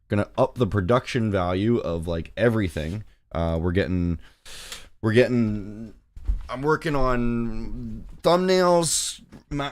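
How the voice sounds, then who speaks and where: A man's voice: fairly low pitch, a little mellow. A man hosting a trading livestream, chatting loosely and joking, with simple chopped phrases. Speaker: livestream host and forex trader. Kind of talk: casual livestream chat.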